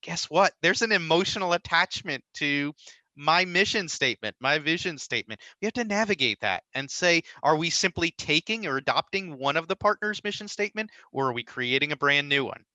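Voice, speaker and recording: A man speaks as an interview guest, walking through advice with steady confidence and a rhetorical "right?" now and then. His voice is very bright and forward. The sound is dry and close, with no room around it. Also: fairly high pitch, brisk, dry recording, poor audio. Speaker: nonprofit merger consultant, guest. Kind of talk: conversational interview answers.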